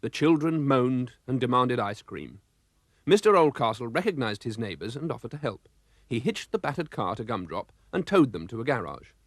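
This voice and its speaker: Lively male storybook narrator. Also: mid-range voice, normal speed, dry recording, studio quality. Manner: lively, expressive, does the sound effects himself.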